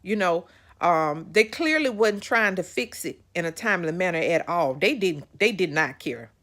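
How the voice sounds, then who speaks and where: A woman hosting a podcast, telling a personal story to her listeners in an animated way, repeating phrases for emphasis. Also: lowish voice, normal speed. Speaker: podcast host.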